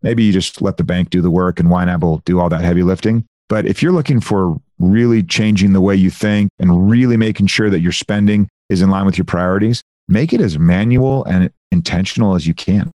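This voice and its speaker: A man, a software founder, explains budgeting habits in a casual, animated interview. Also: low-pitched, fairly quick, few pauses, no echo. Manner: animated, explanatory, lots of "like" and "you know".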